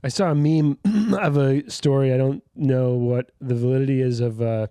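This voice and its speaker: A man's voice: medium pitch, moderate pace, mellow, clean tone, no room sound. A young man co-hosting a comedy podcast, making dry, teasing wisecracks in casual chat. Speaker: podcast co-host.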